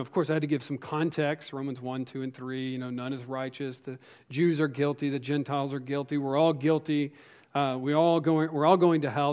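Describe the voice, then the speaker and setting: A man preaching a sermon as a pastor, telling a personal story in a conversational way with frequent restarts and asides. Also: fairly high pitch.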